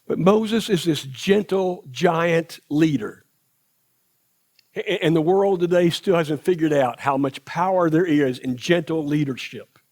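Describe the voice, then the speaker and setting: A man preaches a sermon in a church sanctuary, unhurried and deliberate. His voice sits a little high for a man. He leans on repetition and rhetorical questions, and he acts out the quotes he tells. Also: a little mellow. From United States.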